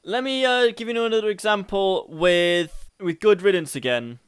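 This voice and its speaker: A man hosting a casual singing tutorial, energetic and rambling, often laughing at himself. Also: high-pitched, normal speed.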